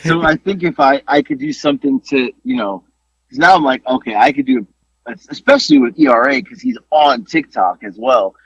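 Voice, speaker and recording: A man co-hosting a casual podcast, telling stories with lively exclamations and some swearing. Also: mid-range voice, normal speed, gravelly, husky, no echo. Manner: animated storytelling, swearing, exclamations. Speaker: podcast co-host. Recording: dull lo-fi dry podcast audio.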